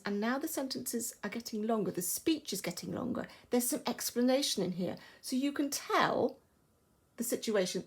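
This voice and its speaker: A woman's voice: fairly high pitch, darkish tone, husky. A woman with an English accent, a primary school teacher, giving a recorded lesson and explaining patiently and expressively.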